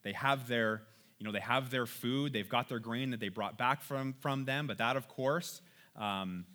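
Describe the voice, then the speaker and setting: A man's voice: medium pitch, unhurried, bright, forceful tone. A man teaching from the Bible in a conversational way. He reads passages aloud, then comments on them casually and often checks in with his listeners.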